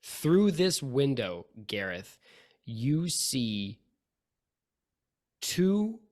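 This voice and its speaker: A man narrating as game master of a tabletop game, pausing often with ums as he describes scenes. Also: mid-range voice. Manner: halting narration with frequent ums.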